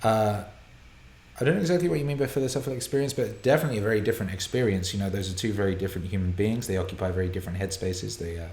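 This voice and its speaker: Swearing, excitable man on a live stream. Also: fairly low pitch, racing, reverberant. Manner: excitable, heavy swearing, laughs and rambles. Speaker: host of a live viewer Q&A broadcast. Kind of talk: casual live-stream chat, reading viewer questions. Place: home studio room.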